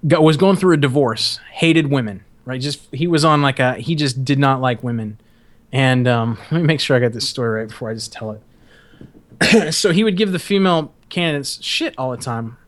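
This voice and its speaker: A man's voice: mid-range voice, moderate pace. A young man hosting a podcast and telling a story in a casual, profane, rambling way, often laughing. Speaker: podcast host.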